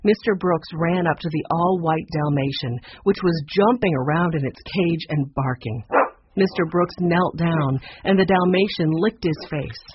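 A man narrating a children's chapter book in a lively, expressive reading with a husky voice. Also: a little high, measured pace, muffled recording, slight background noise. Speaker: audiobook narrator.

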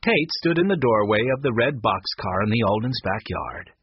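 A man narrating a children's mystery story aloud in an expressive, lively way. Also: fairly low pitch, moderate pace, breathy edge, dull audio. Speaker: audiobook narrator.

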